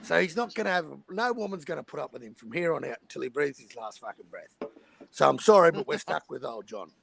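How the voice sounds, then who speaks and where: A man's voice: fairly high pitch, animated, quick pace, gravelly, a bit bright. A man with an Australian accent hosting a casual, rowdy chat, swearing freely as he tells stories. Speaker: podcast host.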